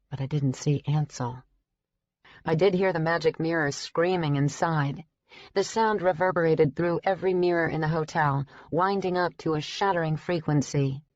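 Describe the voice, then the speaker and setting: Low-voiced woman narrating an audiobook. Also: no echo, dull audio. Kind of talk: scripted narration.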